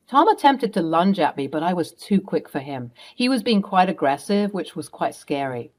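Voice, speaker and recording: A young woman in steady, matter-of-fact scripted first-person narration. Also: fairly low pitch, normal speed, hardly any pauses. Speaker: storyteller.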